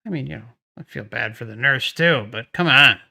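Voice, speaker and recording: A man's voice: medium pitch, a little fast, creaky, bright, forceful tone. A man hosting a channel, commenting on testimonials in a musing, conversational way with sarcastic asides. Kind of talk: video commentary.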